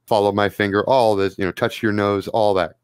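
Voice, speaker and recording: A man narrating as game master in a tabletop game, relaxed and wry, with many fillers. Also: lowish voice, brisk, smooth, no room sound, studio quality.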